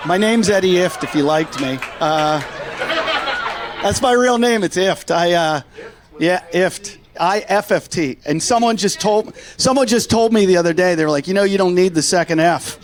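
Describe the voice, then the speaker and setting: A middle-aged man performing a stand-up comedy set on a club stage, telling stories deadpan and dropping his voice for quoted lines. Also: sits high, normal speed, crowd noise.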